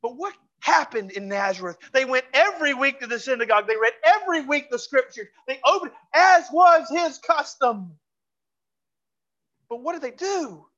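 A pastor preaching a sermon in a church, fervent and repeating phrases for emphasis, dropping to a hush for closing pleas. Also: high voice, animated, normal speed, muffled recording. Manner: drops to a hushed voice for closing pleas. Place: church sanctuary.

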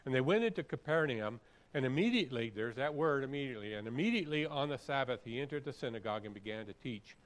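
A man preaching a sermon, reading scripture aloud and then explaining it conversationally, often clearing his throat and repeating phrases for emphasis. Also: mid-range voice, lively intonation, quick pace, few pauses, poor audio. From San Francisco area. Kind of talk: expository sermon.

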